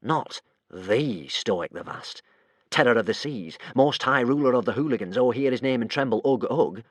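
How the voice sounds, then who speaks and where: A man voicing a charming, theatrical swindler in a storybook, lower and softer than his narration. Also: lively intonation, moderate pace, no echo, natural voice. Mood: smarmy. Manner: slippery, oily charm. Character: smooth, sly male con man, charming and theatrical.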